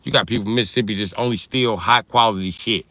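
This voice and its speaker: A man's voice: on the low side, fast talker, sharp tone, no room sound. A man hosting a livestream, riffing through a loose, profane comedic rant and answering chat. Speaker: livestream host.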